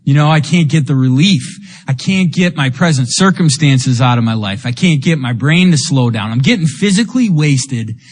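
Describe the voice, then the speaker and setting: A man's voice: medium pitch, lively intonation, normal speed, few pauses. Confessional man in an echoey hall. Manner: raw, confessional storytelling, full of "like" and "you know"; emotional, with bursts of rueful laughter. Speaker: speaker sharing a recovery testimony. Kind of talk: personal testimony talk. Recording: long hall reverb.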